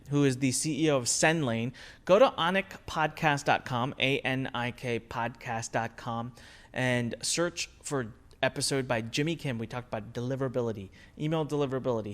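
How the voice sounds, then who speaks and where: In a recorded marketing lesson, a male online instructor with a medium-pitched voice keeps things lively and conversational, leaning hard on key points and tossing out rhetorical questions.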